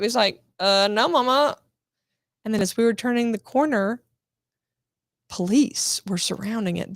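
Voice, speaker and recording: A woman with a gravelly, fairly high voice tells a story to a host. She talks animatedly, swears freely and acts out the people she quotes. The sound is close and dry. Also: lively intonation, normal speed, pauses often, dry recording. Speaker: guest actress. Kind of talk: casual storytelling interview.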